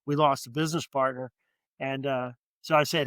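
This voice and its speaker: A man's voice: medium pitch, steady tone, moderate pace, fairly bright tone, no echo. A middle-aged man with a New Orleans accent, a podcast guest chatting casually and telling stories with easy humor. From New Orleans, Louisiana. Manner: easygoing storyteller, joking. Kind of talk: casual chat.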